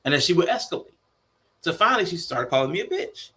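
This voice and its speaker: A man co-hosting a podcast in casual chat, telling a family story in an animated way. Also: fairly high pitch, quick pace. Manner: animated storytelling, slipping into mock voices. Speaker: podcast co-host.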